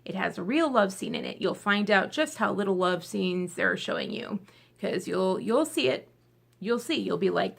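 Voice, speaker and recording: A woman's voice: mid-range voice, animated, normal speed, creaky. A woman talking casually to her camera, chatty and emotional, teary from crying, with many fillers and tangents. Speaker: video blogger.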